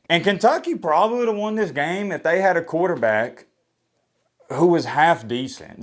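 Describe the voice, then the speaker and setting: A man doing a solo sports reaction vlog. He talks in a blunt, opinionated way, with energetic swings in pitch and a slightly hoarse voice. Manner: opinionated, blunt trash talk. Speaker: sports vlogger. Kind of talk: solo college football reaction.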